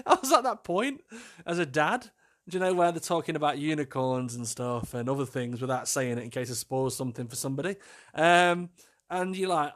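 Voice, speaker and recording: A man's voice: fairly high pitch, brisk, a bit bright. A man, hosting a casual solo podcast, chatty and self-mocking, laughing often as he tells stories. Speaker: podcast host.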